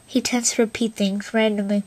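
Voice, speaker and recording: A woman's voice: mid-range voice, little pitch movement, normal speed, darkish tone, no room sound. A woman rambling through a casual vlog, self-deprecating and fighting a bad cough. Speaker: video creator.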